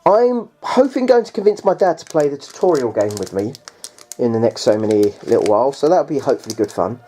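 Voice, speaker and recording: A man's voice: medium pitch, big pitch swings, a little fast, warm tone, slight background noise. A man chatting casually through a tabletop game unboxing. He rambles and hesitates, restarts often, and keeps addressing the viewers as guys.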